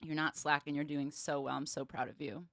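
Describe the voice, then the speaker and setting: A woman hosting her own livestream as a bass player, chatting casually with viewers and laughing often. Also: fairly even intonation, a little fast, creaky, fairly bright tone, dry recording, studio quality. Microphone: streaming setup with cameras.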